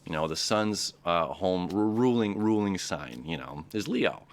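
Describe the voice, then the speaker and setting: A man hosting his own astrology channel, talking to his camera in a rambling, animated way full of "you know"s and restarts. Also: low voice, measured pace. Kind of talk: casual motivational talk to camera. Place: his own recording spot, seated. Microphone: camera setup he operates himself.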